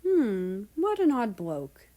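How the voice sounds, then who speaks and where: A composed gentleman noble from a storybook, speaking calmly with a dry, unbothered air, as a woman reader puts him on. His voice is only a little raised from her own. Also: on the high side, slow, voice pushed up, full character voice.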